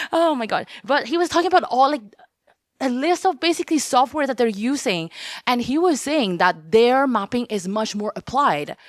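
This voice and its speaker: A woman's voice: on the high side, no echo, clean studio sound. A woman speaking on a conference panel, talking casually with lots of fillers and restarts. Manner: hesitant, many fillers and restarts. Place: conference room.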